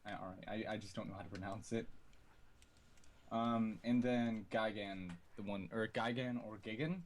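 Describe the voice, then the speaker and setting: A man's voice: on the low side, steady tone, normal speed. Hesitant young man co-host. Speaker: podcast co-host. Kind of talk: casual gaming chat.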